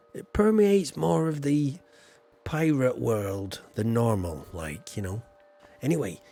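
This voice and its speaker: A man's voice: mid-range voice, darkish tone. Chatty man streaming. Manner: rambling, jokey, chatty asides. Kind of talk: casual gameplay commentary.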